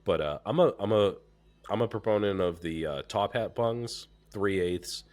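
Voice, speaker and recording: A man hosting a podcast in casual chat, congested and stuffed up, talking in a relaxed way with lots of fillers and swearing. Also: lowish voice, normal speed. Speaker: podcast host.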